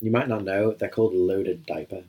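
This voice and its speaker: A man with a low, husky voice chats his way through a film commentary. He jokes crudely and rambles from one aside to the next. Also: steady tone, brisk, warm tone. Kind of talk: casual film commentary chat.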